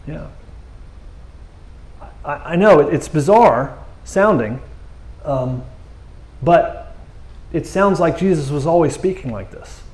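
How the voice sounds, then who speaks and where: A man preaching a conversational sermon, reading scripture and breaking into animated, joking asides. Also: medium pitch, echoey room.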